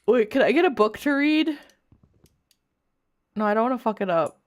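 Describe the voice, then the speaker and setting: A young woman streamer reading bad fanfiction aloud in a casual, mocking way, laughing often and swearing freely. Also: high voice.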